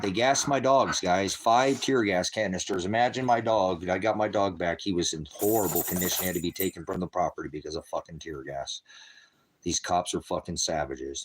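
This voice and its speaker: A middle-aged man preaching on his own ministry stream, angry and cursing, swinging from shouted rants to quiet murmurs. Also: low voice, slight background noise. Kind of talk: impassioned livestream preaching.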